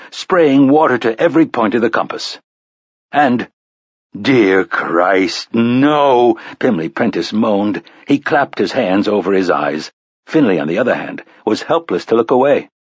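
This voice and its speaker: A man's voice: mid-range voice, slightly rough, no echo, highs cut off. A man narrating an audiobook with dramatic storytelling and varied emphasis. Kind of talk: scripted narration.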